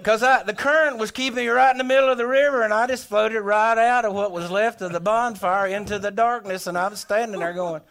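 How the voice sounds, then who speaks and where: High-voiced storyteller man. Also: brisk, few pauses. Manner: folksy, animated, acts out his own thoughts aloud. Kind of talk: humorous tall tale told on stage.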